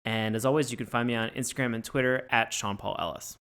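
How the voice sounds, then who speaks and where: A man's voice: medium pitch, steady tone, fast, a bit bright, clear, resonant tone. A man co-hosting a podcast, upbeat, plugging upcoming shows and his social handles. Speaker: podcast co-host. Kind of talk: casual podcast chat.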